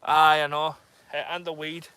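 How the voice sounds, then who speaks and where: A man's voice: a little high, level tone, normal speed, sharp tone, smooth, no room sound. A man live-streaming outdoors at night, chatting casually to viewers. He talks in a nervous, jokey way as he reads out their comments. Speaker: fishing vlogger streaming live. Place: outdoors on a dark shore at night. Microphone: phone or camera on a tripod.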